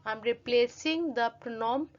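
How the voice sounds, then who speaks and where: A woman's voice: on the high side, measured pace, darkish tone, dull audio. A woman teaching a French grammar lesson from slides, reading each French example and then translating and explaining it step by step in English.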